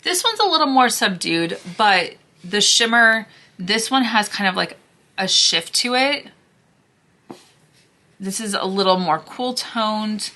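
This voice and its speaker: A woman vlogger chatting casually through a makeup declutter, gushing and sometimes dropping to a hushed near-whisper, her voice hoarse as she loses it. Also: medium pitch, expressive, takes it slowly. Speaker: beauty vlogger.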